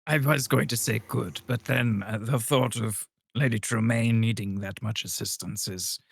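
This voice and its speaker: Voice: mid-range voice, steady tone, moderate pace, creaky, husky, no room sound, studio quality. A player voicing a polite old male adventurer who speaks in formal, old-fashioned phrases. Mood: mild.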